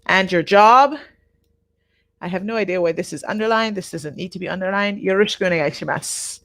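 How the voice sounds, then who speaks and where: A woman teaching a live online Japanese class, patient and repeating each word slowly for her learners. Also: medium pitch, a bit bright, no echo, studio quality.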